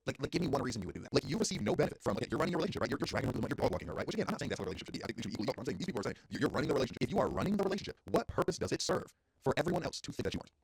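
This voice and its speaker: A young man in his twenties, a streamer ranting casually to his chat, getting animated and climbing higher when heated. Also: creaky, slightly rough. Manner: animated, rapid and swinging up in pitch when heated.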